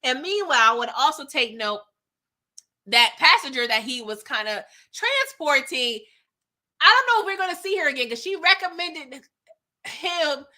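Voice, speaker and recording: Woman recap host: high voice, animated and slangy, chatty retelling. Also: normal speed. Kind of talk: live TV episode recap.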